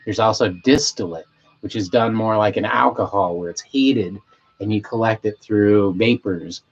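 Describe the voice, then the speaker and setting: A man's voice: lowish voice, normal speed, husky. Stoned man rambling on a lo-fi stream. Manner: loose, meandering, self-interrupting, stoned and swearing. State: high. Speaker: livestream host. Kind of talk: rambling casual livestream chat, reading chat aloud.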